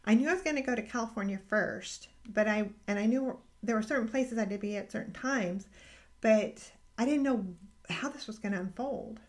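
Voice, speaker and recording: A middle-aged woman recounts a personal faith story in an earnest, emotional way. She talks in a fairly high voice that stays close to the mic, halting and restarting as the feeling catches up with her. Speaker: podcast host sharing a personal faith story.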